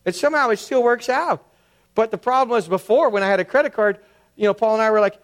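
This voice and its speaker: Man, middle-aged, pastor, sermon, storytelling, slightly high voice. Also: very animated, quick pace. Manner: conversational storytelling, acts out quoted voices.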